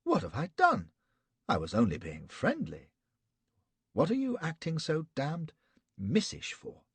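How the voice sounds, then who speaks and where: A man voicing a brash young British officer, a cad who talks in a blustering, gruff way. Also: fairly high pitch, wildly swooping pitch, measured pace, no echo, pitched above the performer's own voice, exaggerated voice. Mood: exasperated.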